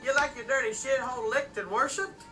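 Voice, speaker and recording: A woman's voice: high voice, a little fast, sharp tone. A woman voicing a lewd, swaggering man from a dating profile, with a crude, leering delivery. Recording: stream with music behind.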